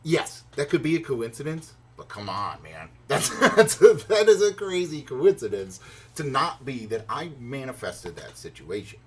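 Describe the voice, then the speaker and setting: A man's voice: moderate pace, slight background noise. A man telling a long personal story in a casual, rambling way, full of fillers and restarts, acting out his own reactions. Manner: excited, acts out his own reactions in higher pitch. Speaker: vlogger.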